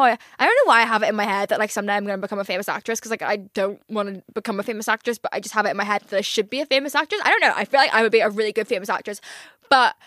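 On her casual solo podcast, a fast-talking Northern Irish woman in her twenties speaks in a fairly high, fairly bright voice, recorded as clean studio sound with no room tone. She chats, overshares, swears often and drops "like" into every gap.

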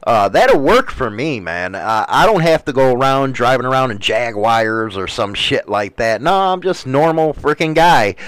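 Male host, casual rambling talk, rough language, smooth clear voice, dry close sound. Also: mid-range voice, big pitch swings, moderate pace, few pauses, fairly bright tone, dry recording, poor audio. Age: adult, married. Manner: rambling, profane, many fillers and "man".

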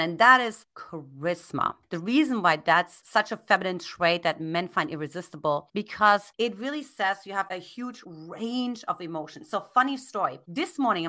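Earnest woman coach, bright voice. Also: lowish voice. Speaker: relationship coach guest. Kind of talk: casual podcast conversation.

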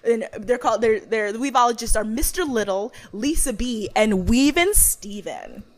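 A woman's voice: a little high, moderate pace. A young woman co-hosting a podcast, chatting casually, laughing, ranting and swearing as she recaps a reality show. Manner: animated, swears, laughs, rants, mimics voices. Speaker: podcast co-host.

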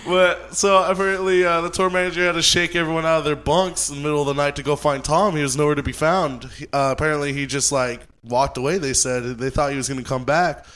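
A man's voice: a little high, steady tone, fast talker, few pauses, a bit bright. A young man in casual chat, telling a road story in a loose, rambling way with many fillers and restarts. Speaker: guest storyteller, touring crew member.

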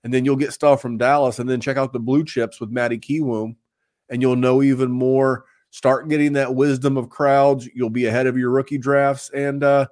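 Upbeat rambling male podcast host. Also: medium pitch. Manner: upbeat, rambling, hands out shout-outs and plugs. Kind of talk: casual podcast chat.

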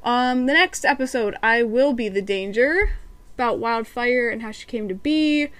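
A woman's voice: fairly high pitch, moderate pace, a bit bright, dry recording. A woman hosting a podcast, reviewing cartoon episodes in casual, chatty talk and acting out quotes. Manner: chatty, giggly, acts out quotes.

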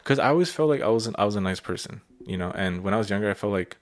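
A man's voice: fairly low pitch, expressive, racing. A young man from California with a Californian accent, hosting a laid-back casual chat full of "dude" and "like".

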